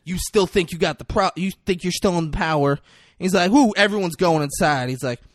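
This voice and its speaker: A man in casual podcast chat, retelling a film scene with animated, loud impressions and lots of swearing. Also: sits high, fairly quick, dry recording, clean studio sound. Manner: animated, acts out quotes loudly, swears a lot.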